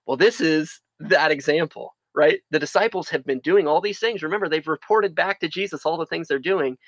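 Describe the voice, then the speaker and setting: Man pastor, earnest sermon outdoors, slightly high voice, dry muffled lo-fi capture. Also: normal speed, no room sound. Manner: earnest, repeats phrases for emphasis. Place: outdoors in the sun.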